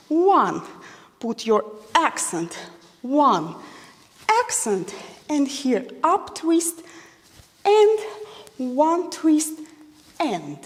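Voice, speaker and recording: A woman teaching a belly dance technique, a non-native English speaker counting beats and calling moves. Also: high voice. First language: not English. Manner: counts beats aloud, slow deliberate cueing. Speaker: dance instructor. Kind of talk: instructional dance class. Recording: long reverb in a large room.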